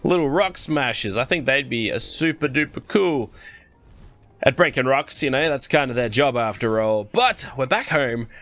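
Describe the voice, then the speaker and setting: A young Australian man giving chatty, excitable Let's Play commentary as a gaming YouTuber, talking straight to his viewers. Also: medium pitch, normal speed.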